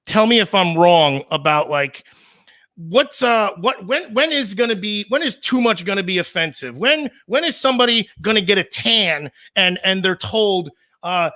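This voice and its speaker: A man co-hosting a live stream in casual chat, rambling and teasing in an animated way. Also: high-pitched, normal speed. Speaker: co-host.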